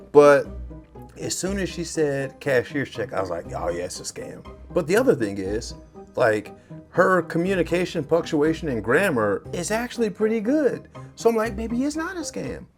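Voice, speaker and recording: A man who works in cybersecurity, telling a scam story to his viewers in a lively way. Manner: lively, swings pitch and loudness when acting out chats. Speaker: cybersecurity vlogger. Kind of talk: animated storytelling to camera.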